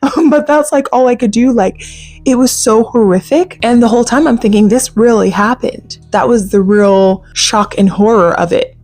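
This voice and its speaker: A woman hosting a casual solo podcast, chatty and animated, laughing often and saying "like" a lot. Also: a little high, moderate pace, soft background music. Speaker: podcast host. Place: home.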